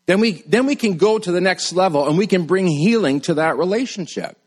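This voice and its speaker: A middle-aged male pastor preaching a sermon in a conversational way, jumping high when he quotes people and dropping low and quiet to drive a point home. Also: animated, a little fast.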